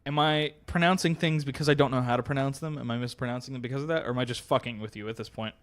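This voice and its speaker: A man's voice: medium pitch, fairly even intonation, racing, fairly bright tone. A man casually commenting while playing a video game, joking and swearing freely. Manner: joking, swears, laughs often. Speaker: game streamer. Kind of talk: casual let's-play commentary.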